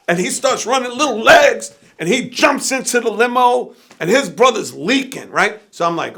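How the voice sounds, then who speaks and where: A man as an interview guest, telling a wild, profane anecdote with animated energy that drops at times to a low, tired murmur. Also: moderate pace, vocal fry, few pauses, raised voice, a little hiss or hum. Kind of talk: storytelling in an interview.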